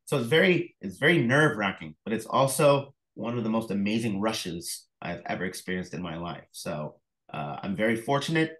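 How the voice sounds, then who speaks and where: A middle-aged man, an author and illustrator, talking as an interview guest, telling lively stories full of fillers and acted-out phone calls. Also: lowish voice, moderate pace, low-quality recording. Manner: animated storyteller, acts out phone calls, many fillers. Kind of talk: casual interview conversation.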